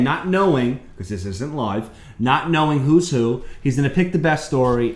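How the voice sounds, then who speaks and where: Brief: male podcast host, relaxed and explanatory, mid-pitched, echoey room. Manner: relaxed, explains the game step by step. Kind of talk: casual chat.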